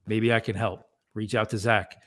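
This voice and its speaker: Low-voiced man, a bit off-mic. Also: little pitch movement, normal speed, fairly bright tone. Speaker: podcast co-host. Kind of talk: casual podcast talk.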